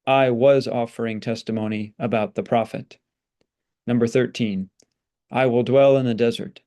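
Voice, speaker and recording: A man of middle pitch teaching a Latin lesson. He reads example sentences, translates them and breaks words into syllables in a patient, explanatory way. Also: steady tone, normal speed, warm tone.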